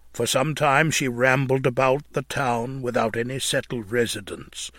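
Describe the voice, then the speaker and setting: A man's voice: a little high, dry recording, clean studio sound. A man narrating an old religious tract in a solemn, mournful, preaching manner, swelling at points of emphasis.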